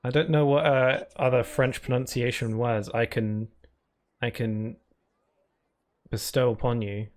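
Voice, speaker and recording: A man's voice: medium pitch, little pitch movement, a little slow, pauses often. A British man chatting casually while streaming a video game, laughing often and reading chat and on-screen text aloud. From United Kingdom.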